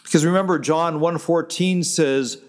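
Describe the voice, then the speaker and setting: A man's voice: fairly high pitch, moderate pace, in a large hall. A man, a pastor, preaching a sermon in a conversational way, stopping to restart and quoting scripture.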